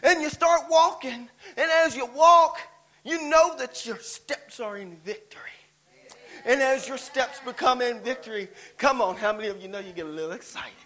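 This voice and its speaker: High, bright-voiced man preaching a sermon. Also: normal speed, poor audio. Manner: repetitive rhetorical questions, urging "come on". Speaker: guest preacher. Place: church.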